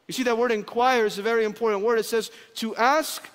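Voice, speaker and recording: A pastor preaching a sermon at a conference, emphatic, slowing and dropping low on key phrases. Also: male voice, fairly even intonation, fairly bright tone, smooth. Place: large conference hall. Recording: long hall reverb.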